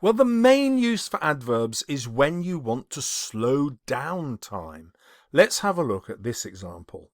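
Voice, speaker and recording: A man's voice: medium pitch, unhurried, no echo. A male English teacher from England giving a video lesson on writing, his voice swooping up and down as he reads examples with dramatic flair. The sound is close and dry, with no room around it. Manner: lively, expressive, reads examples with dramatic emphasis.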